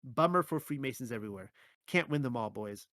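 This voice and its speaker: A man reading his own Bible teaching article aloud in a measured way, with occasional stumbles and wry asides. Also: medium pitch, animated, a bit bright, no echo.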